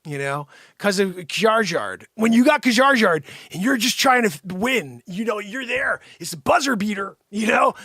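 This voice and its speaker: High, lively man riffing comically. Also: moderate pace, no room sound, clean studio sound. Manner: rambling, jokey, bursts into shouts. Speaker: comedic commentator. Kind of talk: improvised comedic riffing.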